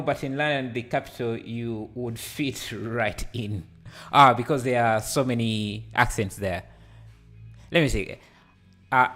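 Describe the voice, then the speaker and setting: A man hosting a live software tutorial, hesitant and full of fillers, laughing easily as he reads the chat. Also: mid-range voice. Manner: hesitant, many fillers and restarts. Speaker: livestreaming 3D tutor. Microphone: headset.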